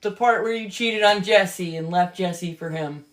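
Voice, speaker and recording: A woman's voice: lowish voice, measured pace. A woman giving casual, sarcastic and profane reaction commentary on a book she reads aloud.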